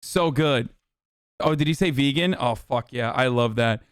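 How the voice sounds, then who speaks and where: A man's voice: mid-range voice, measured pace, clean tone, no echo, clean studio sound. A young man streaming, giving profane and sarcastic commentary on a radio clip he is reacting to. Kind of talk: casual livestream commentary.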